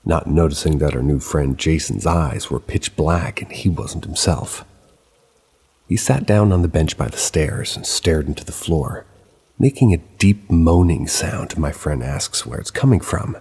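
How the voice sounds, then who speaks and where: A man calmly narrating a true paranormal story in a steady storytelling manner. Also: a bass voice, a little slow, breathy edge. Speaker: narrator of submitted paranormal stories.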